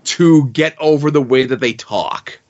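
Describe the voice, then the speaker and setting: A man's voice: mid-range voice, unhurried, darkish tone. Thoughtful male podcast co-host, muffled audio. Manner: thoughtful, builds points at length. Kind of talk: casual comic book discussion.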